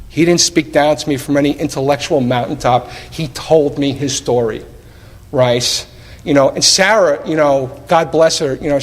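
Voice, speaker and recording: At a live recovery meeting, a man shares his story with an audience in a fairly high voice, wry and lively, posing rhetorical questions and voicing both sides of past conversations. The recording carries a big meeting hall's long reverb.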